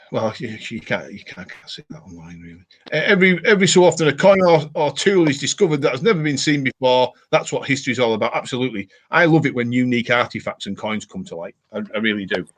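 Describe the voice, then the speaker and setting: A man's voice: mid-range voice, a bit bright. A middle-aged man from England hosting a live chat show, talking in a blunt, matey way and swearing freely. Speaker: host of a live detecting show. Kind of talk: casual live-stream chat.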